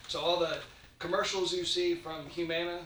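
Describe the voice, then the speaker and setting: Consultant man, bright and a bit high, plain explainer, recorded far off in a reverberant meeting room. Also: steady tone, normal speed. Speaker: insurance consultant. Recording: echoey room, distant mic, faint noise.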